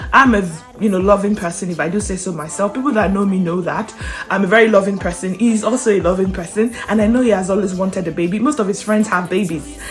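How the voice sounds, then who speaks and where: A young woman vlogger telling a personal story in casual, animated chat, often breaking into laughter. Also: mid-range voice. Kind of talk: casual chatty storytelling to camera.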